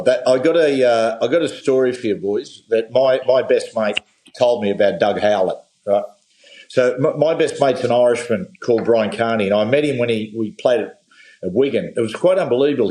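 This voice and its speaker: A man's voice: fairly low pitch, rough recording. A middle-aged man, a podcast guest telling stories in casual chat and acting out the voices in his anecdotes. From Australia. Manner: animated storyteller, acts out voices in anecdotes.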